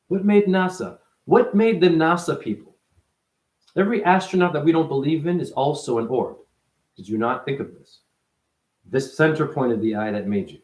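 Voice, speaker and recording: Rambling, profane man in an echoey room. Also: warm tone. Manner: profane, rambling, jumps in pitch. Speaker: spiritual teacher. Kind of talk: rambling spiritual monologue.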